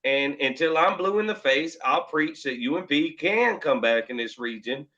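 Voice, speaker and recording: Man racer, bright forceful voice, emphatic and heated, dull lo-fi stream audio. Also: on the high side, animated, normal speed. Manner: emphatic, passionate, repeats himself. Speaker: UMP modified racer. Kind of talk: heated panel debate.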